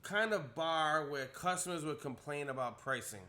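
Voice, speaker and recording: Bright-voiced man telling a bar story. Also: on the high side, moderate pace. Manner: animated, acts out quotes in a rising voice. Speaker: podcast co-host telling a story. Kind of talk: casual storytelling chat.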